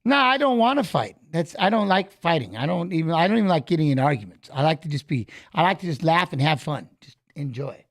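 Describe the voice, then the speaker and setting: A man telling a heated story in casual chat, profane and animated, acting out what he said. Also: on the high side, fairly quick, hardly any pauses, a little hiss or hum. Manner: animated, profane retelling of an argument.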